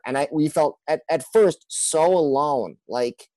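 A man, a pastor and guest on a podcast, telling a personal story in an earnest, halting way with many restarts. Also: a little high, dark tone, dry recording, poor audio.

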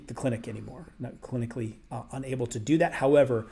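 A man's voice: medium pitch, quick pace, gravelly, few pauses, dark tone. A man hosting a health question-and-answer show, his voice sitting in an ordinary middle range. He explains things conversationally, circling back to stress his main points. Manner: conversational, explanatory, emphatic repetition. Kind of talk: casual Q&A.

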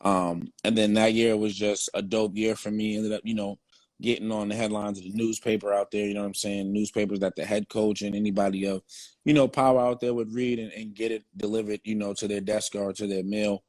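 A man's voice: lowish voice, flat delivery, a little fast, a little mellow, dry recording. A young man, a former football player, telling his story in casual, slang-heavy, profane talk.

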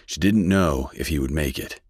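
A man narrating a western story in a steady, measured reading. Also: a bass voice, breathy edge, no room sound, studio quality. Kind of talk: scripted audiobook narration.

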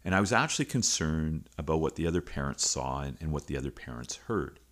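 Deep-voiced middle-aged male coach, earnest confessional storyteller, podcast host. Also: lively intonation, a little fast. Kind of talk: reflective personal storytelling.

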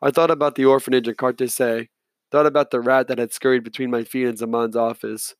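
A man reads an audiobook chapter in the first person with a measured, steady delivery. His voice is mid-pitched and recorded close and dry. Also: no room sound. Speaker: audiobook narrator. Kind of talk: scripted first-person narration.

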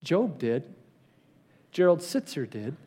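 High-voiced male pastor preaching. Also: sing-song, mellow, breathy edge. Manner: reads scripture aloud with rising intensity, slows for emphasis. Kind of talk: sermon.

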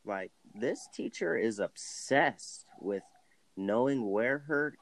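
A man on a movie podcast, pointing out plot holes with halting restarts. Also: mid-range voice, lively intonation, dry recording. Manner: nitpicking, hesitant restarts. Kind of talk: casual movie-review chat.

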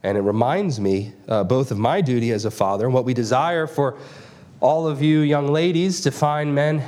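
Middle-aged male pastor preaching an earnest expository sermon in a medium-pitched voice. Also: normal speed, darkish tone. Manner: earnest, questioning the congregation directly.

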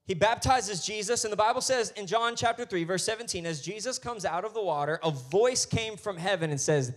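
A male pastor preaching a sermon, acting out quoted voices and building to emphatic, loud declarations. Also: sits high, a little fast, few pauses. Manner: acts out biblical voices in quoted lines.

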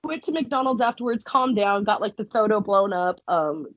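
Swearing freely and laughing as she goes, a young wrestler shares her story casually as a podcast guest. Her husky, slightly breathy mid-range voice is expressive at a normal speed, recorded close and dry with no room sound and the highs cut off.

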